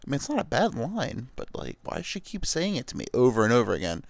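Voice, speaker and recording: A man's voice: mid-range voice, wildly swooping pitch, quick pace, gravelly, hardly any pauses, no echo. A man hosting a comedy podcast, riffing in a rambling, profane monologue full of filler words.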